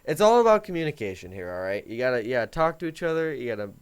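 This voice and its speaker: A man's voice: mid-range voice, sing-song, rapid-fire, clean tone. A teenage boy hosting a comedic advice monologue, talking in a joking, mock-authoritative way. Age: teens. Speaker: host.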